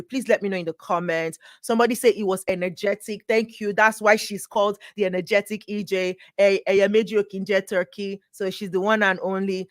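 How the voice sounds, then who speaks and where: A woman's voice: fairly low pitch, no echo, clean studio sound. A woman, speaking and then hosting on a livestream, playful and effusive, reading viewer comments aloud. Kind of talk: lively livestream talk to viewers. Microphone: webcam setup, speaking to camera.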